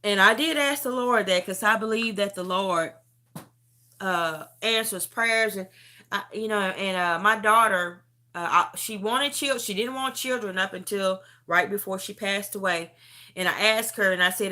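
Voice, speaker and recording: Middle-aged woman, host of a testimony live stream; sharp bright tone, animated and emotional storytelling, close to tears. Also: medium pitch, measured pace. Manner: animated storytelling, calls the listener "beauty". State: near tears. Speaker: host sharing a personal testimony.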